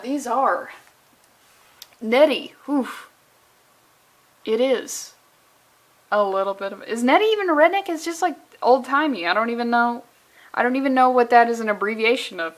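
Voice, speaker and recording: Bright sarcastic young woman. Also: on the high side. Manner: sarcastic, rambling, profane asides. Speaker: comic book reviewer. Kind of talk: casual comedic commentary.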